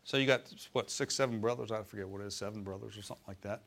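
A man's voice: on the low side, very fast, gravelly, fairly bright tone. Conversational male preacher. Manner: conversational preaching, asks the congregation questions; acts out voices in quotes. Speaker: pastor. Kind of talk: sermon.

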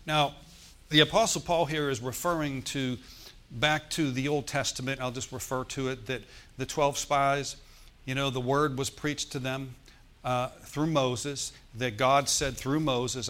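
A man of ordinary middle pitch preaching during a church service. He keeps a friendly, conversational manner, often asking for an "amen," chuckling now and then, and rising in volume when he stresses a point. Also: steady tone, unhurried, fairly bright tone. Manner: chuckles and rises in volume for emphasis. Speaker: pastor. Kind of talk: sermon.

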